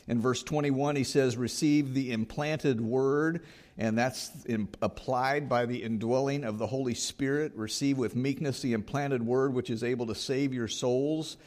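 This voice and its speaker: A man's voice: medium pitch, steady tone, unhurried, a little mellow. Earnest man preaching a sermon. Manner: earnest, reads scripture aloud, rises in emphasis. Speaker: pastor.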